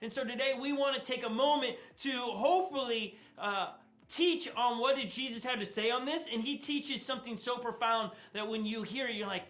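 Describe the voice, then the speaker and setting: A man's voice: very high voice, moderate pace, fairly bright tone, echoey room. A man giving a casual, chatty sermon as pastor, joking with his audience. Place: church stage.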